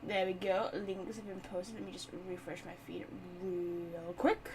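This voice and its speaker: A woman's voice: mid-range voice, steady tone, measured pace, darkish tone, slight background noise. A woman chatting casually as she sets up and opens a live game stream, thinking aloud as she goes.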